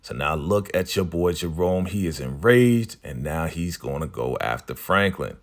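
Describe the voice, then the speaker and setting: A man with a low, deep voice walks through a TV episode in an easygoing recap. He talks in loose slang and slips into quick impressions of the characters' lines. The delivery stays relaxed and conversational. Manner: laid-back slangy retelling, acting out characters' lines. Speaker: TV show recap host.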